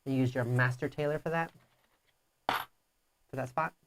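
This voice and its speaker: A woman's voice: rumbling low, fairly even intonation, unhurried. A woman co-hosting a live board game playthrough, teasing her opponent and explaining rules at length in casual chat. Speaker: board game show co-host.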